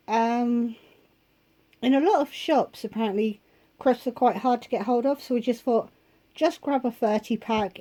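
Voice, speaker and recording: A woman talks slowly through her shopping haul, her voice nasal and stuffy from a heavy cold. Her tone is dark and mellow, pitched a little high, and she fills gaps with frequent ums as she reads out prices in a casual, chatty way. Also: poor audio. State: blocked nose from a cold. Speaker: vlogger.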